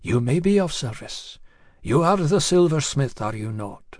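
A man voicing an anxious, secretive young upper-class lady who speaks in a hushed, hesitant way. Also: fairly high pitch, lively intonation, measured pace, no room sound, clean studio sound. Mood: hushed, urgent.

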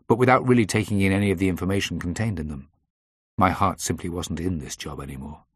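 Low husky guy reading a thriller audiobook, measured, dry sound. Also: no echo. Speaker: audiobook narrator. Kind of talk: first-person thriller narration.

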